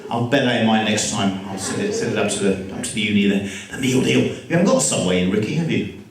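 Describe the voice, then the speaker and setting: A man's voice: fairly low pitch, fast talker. An English man doing chatty, self-deprecating stand-up comedy to a live audience in a school hall, bantering with the crowd. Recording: echoey hall, mic from far off.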